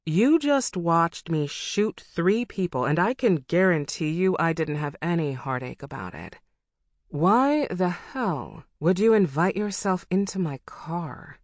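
A woman voicing a calm icy-eyed older huntress. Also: on the low side, a little slow, no room sound. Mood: curt. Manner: calm, courteous, dry. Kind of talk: audiobook character voice.

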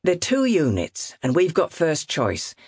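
A woman reading as a brisk male estate agent. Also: deep voice, wildly swooping pitch, darkish tone, breathy edge, no echo, studio quality, voice pushed up, heavily acted. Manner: brisk and breezy. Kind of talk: audiobook character reading.

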